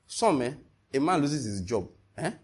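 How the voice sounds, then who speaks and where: A man preaching a sermon, animated and emphatic, asking his listeners one rhetorical question after another. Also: mid-range voice, normal speed, slightly rough.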